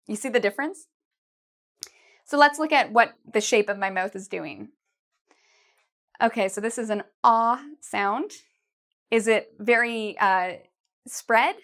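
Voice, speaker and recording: Speaking at a medium pitch with a slightly bright tone, a woman leads a to-camera English pronunciation lesson. She is patient and slow, demonstrating vowels and words with exaggerated mouth movements so learners can repeat after her.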